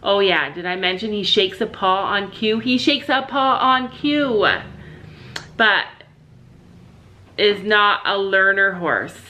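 A chatty woman vlogging at home, speaking to the camera in a bright, forward voice. Her talk is lively and she often turns to address her pet bird. A faint hiss sits under the recording. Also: mid-range voice, takes it slowly. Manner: chatty and animated, talks to viewers and her bird. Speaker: family vlogger. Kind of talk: casual vlog chat to camera.

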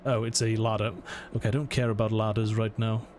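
A man's voice: fairly low pitch, level tone, fairly quick, a little mellow, a little hiss or hum. A man commentating a horror let's play, nervously narrating his every move to himself. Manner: jumpy, self-narrating, talking himself through scares. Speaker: gaming channel host.

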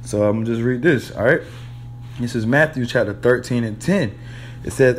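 A man giving an informal sermon, talking in loose street slang with swearing, hesitating a lot and tagging many phrases with "man" and "all right?". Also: mid-range voice. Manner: blunt street slang with profanity; halting, frequent "uh" and repeated words. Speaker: preacher.

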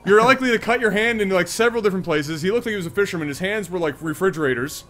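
An excitable man with an East Coast Canadian accent commentates a strategy game, laughing often and swearing freely. His voice sits a little high for a man. He talks in a loose, joking way. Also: racing. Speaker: game caster.

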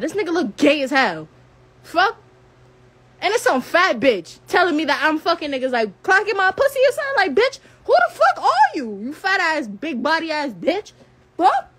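A woman's voice: high-pitched, fairly bright tone. An 18-year-old woman ranting angrily on a live stream. She swears constantly, repeats herself, and stumbles over her words when upset. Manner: heated, profane, repeats phrases, stutters when upset. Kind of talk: angry rant on a live stream.

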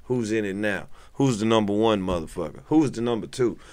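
A young adult man, a comedian co-hosting a podcast, talking in casual banter with profane, preachy rants that jump into high yelps. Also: fairly quick, darkish tone, dry recording.

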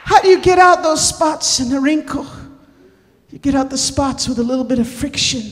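A woman preaching a sermon to a church, impassioned, rising to shouted and sung cries. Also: on the high side, moderate pace. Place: church sanctuary. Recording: long hall reverb.

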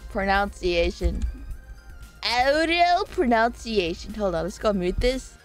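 A woman's voice: a little high, sing-song, measured pace, faint music behind. A young woman streamer in casual live-stream chat, reading chat aloud with lots of swearing and laughing. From Southern US.

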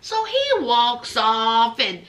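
A sassy woman hosts a reality TV recap, teasing and talking straight to her viewers. Her voice is high and very lively, with a bright edge, and she takes her time. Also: extremely slow.

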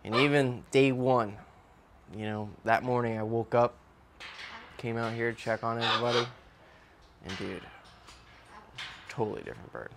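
A man casually vlogging outdoors as he tends his birds, loose and slangy, breaking into a high cooing voice when he talks to them. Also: normal speed, gravelly, long pauses, noisy background. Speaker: vlogger, bird keeper. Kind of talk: casual vlog chat. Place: outdoor backyard cage area.

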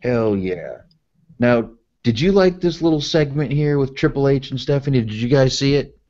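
A man's voice: mid-range voice, animated, normal speed, a little mellow. A man co-hosting a casual podcast, laid-back and agreeable, recapping events. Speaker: podcast co-host. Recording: muffled lo-fi podcast audio.

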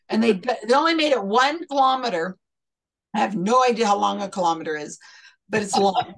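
A woman's voice: on the high side, animated, brisk, fairly bright tone. A woman hosting an online chat, telling a long story in a rambling, self-interrupting way. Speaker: host. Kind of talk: casual chat.

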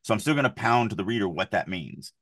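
Low-voiced man explaining his writing. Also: animated, fast talker, fairly bright tone, dry recording, clean studio sound. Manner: explanatory, thinks aloud with repeated words. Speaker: podcast co-host and author. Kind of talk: casual chat about writing craft.

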